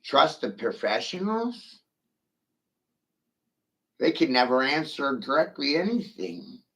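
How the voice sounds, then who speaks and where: A man's voice: mid-range voice, big pitch swings, slow pace, a bit bright, rough recording. A middle-aged man in a profane, taunting rant, swearing aggressively at his critics.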